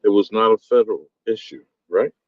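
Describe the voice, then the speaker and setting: Low-voiced man on dull lo-fi audio. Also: brisk, no echo. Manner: questioning, probing. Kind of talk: casual discussion.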